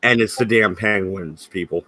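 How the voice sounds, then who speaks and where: Jokey podcast host guy, bright voice, laughs a lot, dry close mic. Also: fairly low pitch, moderate pace, no room sound. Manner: jokey, laughs often, tries silly accents. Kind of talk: casual group banter.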